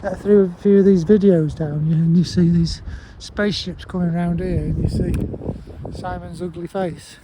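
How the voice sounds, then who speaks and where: A man's voice: high-pitched, steady tone, normal speed, mellow, poor audio. A man rambling and swearing as he vlogs outdoors in a park at night, laughing often. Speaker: paranormal vlogger. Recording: heavy wind noise on mic outdoors.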